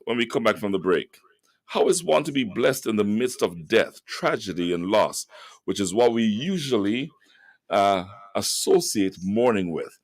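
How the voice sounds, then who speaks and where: A middle-aged Jamaican man hosting a radio talk show from a studio. His voice is very low but lively, rising and falling as he makes emphatic, moralizing points. The sound is dry and close to the microphone. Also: a little slow, no echo. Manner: emphatic, moralizing, repeats words for stress. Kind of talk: preachy radio commentary.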